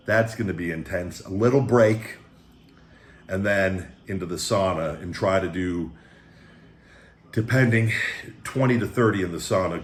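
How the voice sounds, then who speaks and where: A man's voice: deep voice, roomy sound, slight background noise. A man hosting a food review vlog at home, talking in a rambling, laid-back way and calling himself the big guy. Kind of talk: casual chat. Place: home room with pet dogs.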